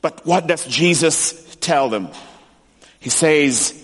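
High-voiced man preaching, slow and emphatic. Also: slightly rough. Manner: animated preaching with emphatic repetition. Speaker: pastor. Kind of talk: sermon. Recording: long reverb of a large hall.

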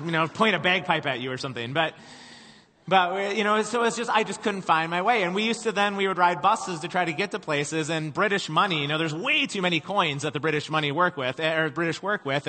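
A man's voice: a little high, pushed and bright. A middle-aged man preaching a sermon, telling stories in a casual, conversational way with self-deprecating humor. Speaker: pastor. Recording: long hall reverb.

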